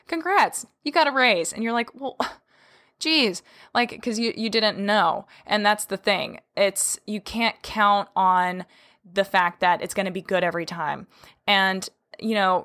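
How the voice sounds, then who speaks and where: A woman's voice: medium pitch, fairly bright tone. A woman hosting a casual solo podcast about animal training. She is chatty, laughs often and acts out little quoted lines in a livelier voice. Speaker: podcast host.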